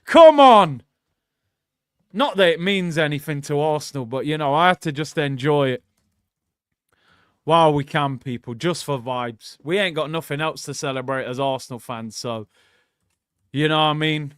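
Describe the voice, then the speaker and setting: A man hosting a live football watchalong, chatting to viewers with excitable reactions and bursts of shouting. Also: on the high side, moderate pace, smooth, no echo, clean studio sound. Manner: chatty, addresses viewers as "people".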